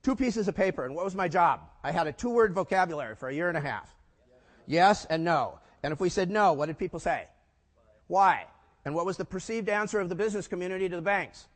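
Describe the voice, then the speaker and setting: An older man giving a keynote talk, telling stories with lively acted-out dialogue. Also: high voice, fast. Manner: animated storyteller acting out quoted dialogue. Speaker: keynote speaker. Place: conference hall. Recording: hall reverb.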